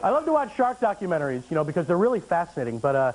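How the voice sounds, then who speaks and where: A man doing a stand-up comedy set on a TV studio stage, animated with deadpan asides and frequent fillers. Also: high voice, racing, very noisy. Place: TV studio stage before an audience.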